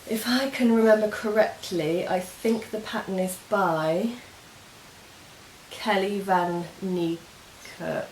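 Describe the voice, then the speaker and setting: Slow and mid-pitched with a darkish tone, a woman hosts a knitting podcast where she casually shows off her work. Her step-by-step explanations drift and meander. The audio has a roomy echo and a faint hiss.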